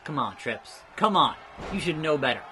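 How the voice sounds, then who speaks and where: A man's voice: fairly high pitch, very animated, moderate pace, pushed and bright, soft background music. A man doing a smug, taunting young wrestler. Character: cocky young bald bearded male wrestler.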